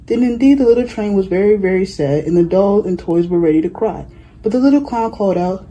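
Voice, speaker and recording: A storyteller reading a children's picture book aloud, steady with small slips. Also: mid-range voice, a little fast, low-quality recording.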